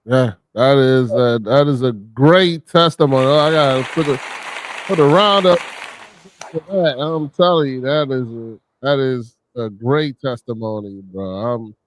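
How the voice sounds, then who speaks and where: A man hosting a podcast in casual chat, affirming his guest with halting phrasing. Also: medium pitch. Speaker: podcast host.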